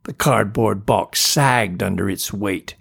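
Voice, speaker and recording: A man narrates a children's story in a slow, steady read. His voice is gravelly with a husky edge. The pitch sits in an ordinary middle range. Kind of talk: storybook reading.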